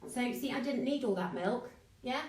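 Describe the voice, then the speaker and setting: A woman's voice: fairly high pitch, moderate pace, far from the mic, heavy background noise. A woman teaching children a live online baking class, chatting and encouraging, greeting viewers by name. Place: home kitchen. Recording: echoey kitchen, away from the mic.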